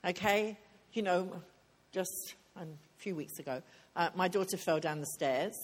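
A woman's voice: on the low side, unhurried. A woman preaching at a women's retreat, speaking earnestly and conversationally, and repeating key lines for emphasis. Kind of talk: sermon.

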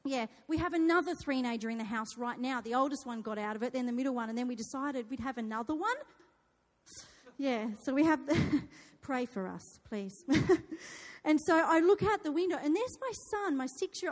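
Australian woman preacher, 30s, chatty and storytelling; high voice, big hall reverb. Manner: lively, chatty, laughing asides. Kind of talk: sermon with personal storytelling. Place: church hall.

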